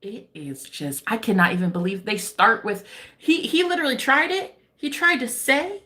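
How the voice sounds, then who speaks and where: A woman's voice: a little high, normal speed, pushed and bright. An American woman chatting playfully on a livestream in a put-on English accent, rambling and joking. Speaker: livestream host. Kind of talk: casual chat.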